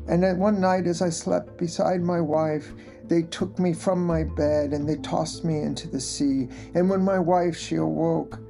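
Slow, gravelly male storyteller over guitar. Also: on the high side, warm tone. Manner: slow, unhurried telling. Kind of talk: oral storytelling.

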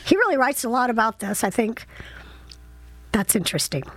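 A woman's voice: fairly high pitch, big pitch swings, moderate pace, a bit bright, no echo. A middle-aged woman hosting a casual solo show, chatting in a rambling way with many fillers and asides. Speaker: podcast host.

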